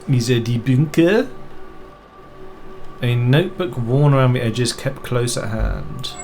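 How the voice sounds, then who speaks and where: A man's voice: medium pitch, slow, a little mellow. Man, game streamer, reads on-screen text aloud, casual asides, faint music behind. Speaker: streamer playing a mystery game. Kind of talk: reading and commenting on a game.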